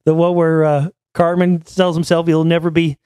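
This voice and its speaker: A man's voice: on the high side, little pitch movement, normal speed, warm tone, clean tone, no room sound, studio quality. A man in his forties hosting a show, talking in a rambling, blunt and profane casual monologue. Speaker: show host.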